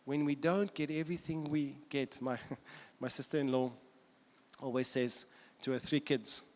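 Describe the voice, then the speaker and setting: A man's voice: mid-range voice, steady tone, normal speed. A man with a South African accent, a pastor preaching an earnest sermon who repeats phrases for emphasis. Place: church auditorium. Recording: long church hall reverb.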